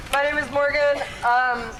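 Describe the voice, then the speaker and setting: A woman's voice: sits high, background noise. A nervous woman giving a short speech at an outdoor protest rally, laughing between phrases. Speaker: rally speaker.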